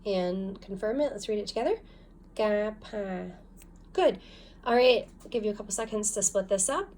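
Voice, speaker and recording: A woman's voice: medium pitch, expressive, a little fast, darkish tone, slight background noise. A woman teaching a phonics lesson, patiently guiding learners step by step through reading syllables aloud. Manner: patient, guiding, gives clear step-by-step instructions. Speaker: language teacher.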